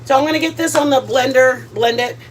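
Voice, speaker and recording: A woman chats her way through a home cooking video in a fairly high voice, rambling with plenty of fillers and restarts and slipping in Spanish words. She talks from her kitchen. A faint background noise sits under her voice. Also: a little fast. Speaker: cooking vlog host. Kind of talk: casual cooking chat.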